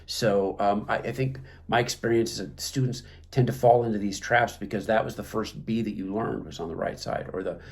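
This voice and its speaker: A man's voice: fairly low pitch, steady tone, brisk, few pauses, darkish tone. A man teaching clarinet technique, talking through the music with many fillers and restarts. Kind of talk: instructional talk.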